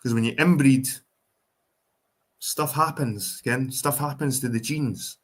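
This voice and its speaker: A man's voice: medium pitch, a little slow. A man with a Scottish accent hosting a casual livestream, rambling and swearing freely as he reads out chat comments. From Ireland, raised in Scotland. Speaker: livestream host.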